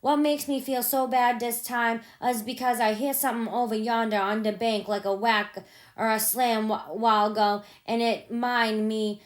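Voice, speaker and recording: A woman's voice: fairly high pitch, steady tone, moderate pace, natural voice. A woman reading as a remorseful grieving father. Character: grieving grown man, remorseful father, folksy.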